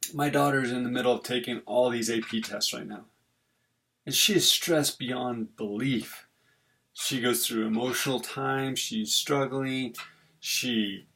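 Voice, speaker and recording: A man's voice: medium pitch, creaky, fairly bright tone. A middle-aged man, a family therapist, giving an earnest, conversational talk on parenting and leaning on repetition.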